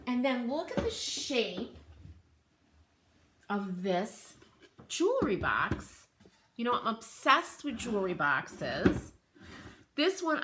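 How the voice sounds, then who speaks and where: A woman's voice: fairly high pitch, a little hiss or hum. Gushing woman with a New England twang. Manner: gushing, excitable, laughs often. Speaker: host of a furniture painting livestream. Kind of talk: livestream show and tell, reading viewer comments.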